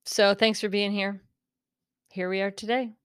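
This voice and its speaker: A woman hosts a casual solo podcast in an unhurried, mid-range voice with little pitch movement. Slightly shaky from caffeine, she rambles, giggles, and interrupts herself.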